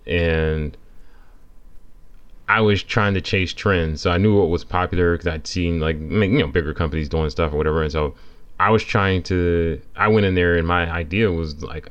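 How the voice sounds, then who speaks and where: Laid-back male co-host, deep and smooth, muffled podcast audio. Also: moderate pace. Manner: relaxed, rambling with fillers. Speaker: co-host, designer. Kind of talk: casual podcast chat.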